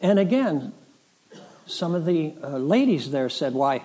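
A middle-aged male pastor preaching a sermon, rising to loud emphatic swells and dropping to soft, solemn lines. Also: fairly high pitch, lively intonation. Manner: slow, dramatic preaching that swells and drops.

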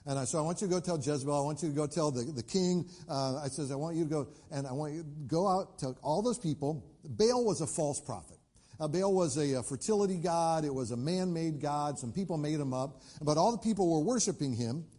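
A man's voice: fairly high pitch, lively intonation, fairly quick, warm tone. A man preaching a sermon, retelling a Bible story with many fillers and acted-out dialogue. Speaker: pastor.

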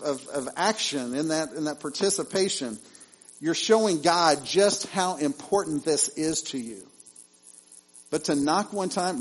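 Male pastor, slightly high voice, conversational sermon with lively repetition. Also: rough recording. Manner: conversational preaching with animated asides and repeated phrases.

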